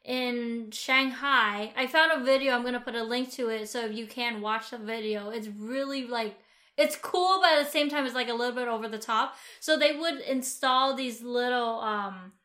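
American woman podcasting, kinda high bright voice, rambles with lots of likes and restarts. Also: moderate pace. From United States. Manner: chatty and rambling, with many fillers and restarts. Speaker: podcast co-host. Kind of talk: casual chat.

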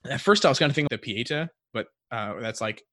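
Man, podcast co-host, casual faith talk, reflective, thinking aloud, middle pitch, dry close recording. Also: lively intonation, fast talker, pushed and bright, no echo.

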